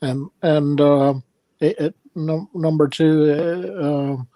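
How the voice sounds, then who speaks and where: A man on a review panel giving his opinion casually, halting with many pauses and fillers. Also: on the high side, flat delivery, mellow, no echo. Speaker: podcast panelist. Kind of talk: casual chat.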